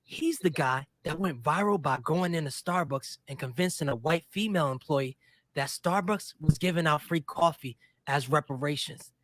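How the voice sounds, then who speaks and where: A man's voice: fairly high pitch, moderate pace, fairly bright tone, no room sound. A man co-hosting a commentary show, giving blunt, opinionated takes. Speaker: co-host. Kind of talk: casual commentary.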